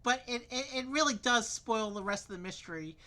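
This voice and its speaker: A woman's voice: on the high side, fairly quick, sharp tone. A woman chatting casually while playing a game, earnestly explaining how it works. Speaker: game co-host. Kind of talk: casual let's-play chat.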